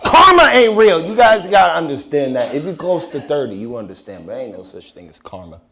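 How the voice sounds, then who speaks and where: A man doing stand-up crowd work on a comedy club stage, brash, swinging from shouts to mumbled asides. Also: medium pitch, expressive, fairly quick.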